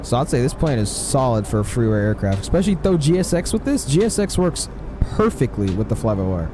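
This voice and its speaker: A man's voice: medium pitch, very animated, brisk, background noise. A man live-streaming a flight simulator, chatting casually, answering his chat with lots of fillers.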